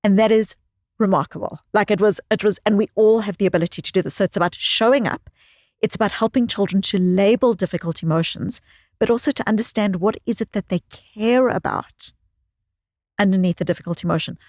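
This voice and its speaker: Expressive woman psychologist, dry close sound. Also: mid-range voice, fairly quick, no room sound. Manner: expressive storyteller who repeats phrases for emphasis. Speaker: psychologist guest. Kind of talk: conversational interview storytelling.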